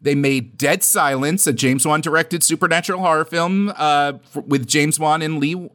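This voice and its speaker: A somewhat high-voiced man co-hosting a casual podcast. He talks in an animated way, laughs often and acts out quotes in loud put-on voices. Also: normal speed. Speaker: podcast co-host. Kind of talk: casual chat.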